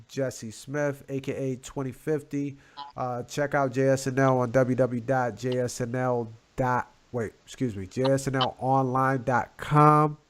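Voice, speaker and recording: A man co-hosting a casual chat show, talking in a laid-back, slangy way and giving shout-outs. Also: medium pitch. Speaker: podcast co-host.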